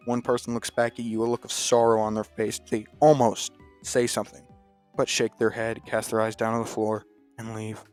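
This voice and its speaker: A man hosting a comedy video, reading online posts aloud in a deadpan, mock-dramatic way. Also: lowish voice. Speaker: host.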